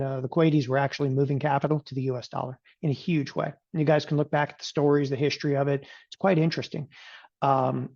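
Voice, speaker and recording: A man's voice: fairly high pitch, creaky, a little mellow, highs cut off. A middle-aged man giving a live market lesson, talking casually with jokey asides, tossing in "okay" and mock quotes. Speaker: trading educator.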